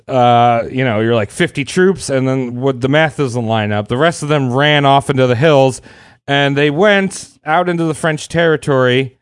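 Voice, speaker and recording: A man's voice: medium pitch, smooth, no room sound, clean studio sound. A young man casually retelling history as a podcast host, irreverent and profane, often laughing as he talks. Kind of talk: casual storytelling chat.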